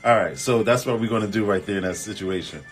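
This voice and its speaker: Soft music sits in the background while a fast-talking host with a lowish voice tackles viewer comments on his casual relationship advice chat. His replies are animated, emphatic, and colloquial.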